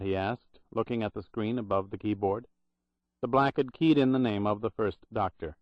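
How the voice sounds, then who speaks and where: A man's voice: lowish voice, no room sound. Man reading an audiobook, dry and muffled. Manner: measured, even reading; plays the protagonist in his own voice. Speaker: audiobook narrator. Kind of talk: scripted narration. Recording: dull dry audiobook recording.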